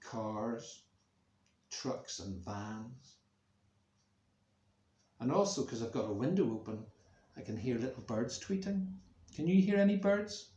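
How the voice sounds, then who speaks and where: A man's voice: medium pitch, lo-fi sound, a little hiss or hum. A male music teacher reading a story to schoolchildren, acting out the sounds with expression, recorded in a room at home. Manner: slow, expressive, making sound effects for kids. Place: room at home near a main road, window open. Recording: roomy echo.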